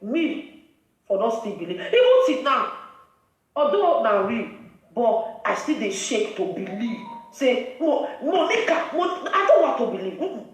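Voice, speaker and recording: Hosting a live video, a Nigerian-accented woman lectures and scolds emphatically in a slightly high, very animated voice at a measured pace. She's distant from the microphone in a heavily echoing room.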